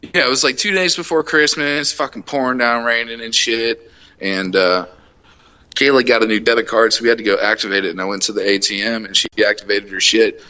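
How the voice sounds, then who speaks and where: A young adult man hosting a casual podcast, telling a heated, profane road-rage story and acting out the shouting. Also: mid-range voice, steady tone, fairly quick. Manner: profane, heated retelling, acts out shouted quotes. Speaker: podcast host.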